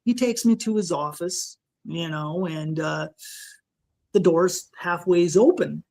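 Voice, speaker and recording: A man guest on a podcast, recounting a frightening personal encounter in a halting, emotional way, full of restarts and "you know". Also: on the high side, creaky, a little mellow. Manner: shaken, emotional retelling.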